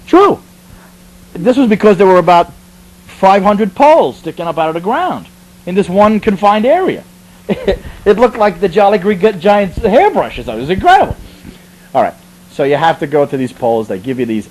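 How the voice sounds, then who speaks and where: A man's voice: on the high side, low-quality recording. A man from the Bronx, telling a comic story about his army training in a chatty way, full of asides and restarts. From the Bronx, New York. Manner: animated, conversational, with frequent asides and restarts.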